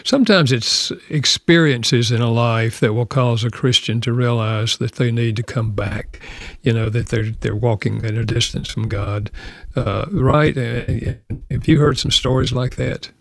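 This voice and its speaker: A male radio host with a mid-range voice asks questions in a calm, measured way. He keeps his guest going with short affirmations. The sound is dry and close. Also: medium pitch, gravelly, dry recording. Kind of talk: interview.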